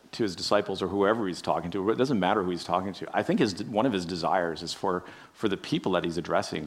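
Low-voiced man musing in a sermon. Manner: musing, rhetorical asides, frequent "right?"; addresses listeners directly. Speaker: pastor. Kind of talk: conversational sermon.

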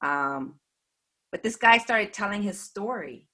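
A woman earnestly recounting a personal faith testimony in a measured way. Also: mid-range voice, animated, a bit bright. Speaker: speaker giving a faith testimony.

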